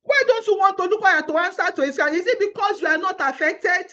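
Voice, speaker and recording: Through dull, lo-fi phone audio, a Nigerian activist vlogger pleads and protests in a passionate monologue, shooting out rhetorical questions. Her pitch is extremely high, her pace fairly quick, her tone bright and forceful.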